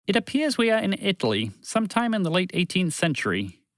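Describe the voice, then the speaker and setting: Man voicing brainy female ship computer, precise, lively, dry sound. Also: high-pitched, brisk, no room sound, voice pushed up, full character voice. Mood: informative. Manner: precise, informative, a bit exasperated. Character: calm know-it-all female spaceship computer.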